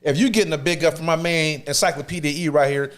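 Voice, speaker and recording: Dude on a podcast, slangy aave, kinda high voice, gets loud acting out his story. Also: fast talker. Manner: animated storyteller, acts out quotes loudly; slangy, gives shout-outs. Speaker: podcast co-host. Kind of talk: casual chat and storytelling.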